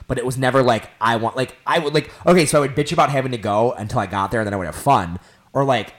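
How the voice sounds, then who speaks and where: A man's voice: medium pitch, fast. A young man co-hosting a podcast, chatting casually and animatedly with many "like" fillers. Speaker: podcast co-host. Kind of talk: casual chat.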